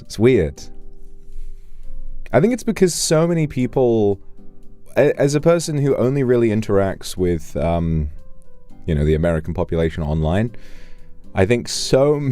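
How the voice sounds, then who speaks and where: A British man streaming live, chatting casually and reading out donations, playful and animated, swearing freely. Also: lowish voice. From United Kingdom.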